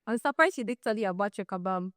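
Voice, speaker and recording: A young Ugandan woman co-hosting a podcast, telling a story in a casual, animated way and acting out the other people in it. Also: medium pitch, fast talker, dry recording, studio quality. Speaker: podcast co-host.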